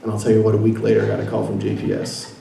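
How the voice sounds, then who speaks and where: A man's voice: on the low side, completely flat delivery, racing, creaky, warm tone, recorded from a distance. A young man from Washington State giving an earnest personal faith testimony as a guest speaker, with many fillers and restarts. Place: meeting room with an audience. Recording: echoey room, picked up from afar, faint noise.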